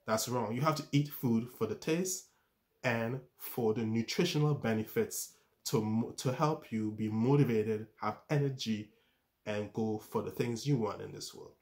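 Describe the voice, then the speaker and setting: A man talks viewers through self-improvement in an average-pitched voice. He keeps asking rhetorical questions and repeating points like a coach. He often trips over his words and starts phrases again. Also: unhurried, a little mellow. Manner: stumbles and restarts words. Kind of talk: motivational talk to camera.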